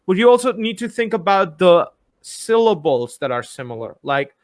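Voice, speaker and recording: Brief: young Bengali-speaking male host, casual chat, profane, lively, high voice, dry close sound. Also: normal speed, no echo. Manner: animated, profane, mixes in imitated voices.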